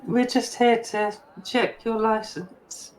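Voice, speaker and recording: A tabletop player speaking in character in a slow, measured, polite official way. The speech is unhurried, with a light hiss of background noise. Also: medium pitch, fairly even intonation, low-quality recording.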